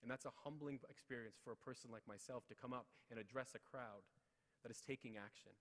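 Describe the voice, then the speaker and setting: Animated man speaking in a reverberant hall. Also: medium pitch, fast. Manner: animated, self-deprecating, addresses the crowd directly. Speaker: guest speaker at an awards ceremony. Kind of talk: humorous motivational storytelling. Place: large hall.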